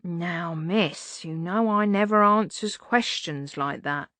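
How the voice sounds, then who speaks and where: A woman voicing a gruff, surly male bar doorman who grumbles slowly in working-class speech. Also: lowish voice, a bit bright, dry recording. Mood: grumbling.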